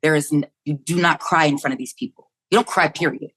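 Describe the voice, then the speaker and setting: A woman's voice: low voice, steady tone, fast, a bit bright, slightly rough. A woman in her fifties from the United States, a podcast guest telling a personal story vividly and candidly, acting out her own thoughts and swearing freely.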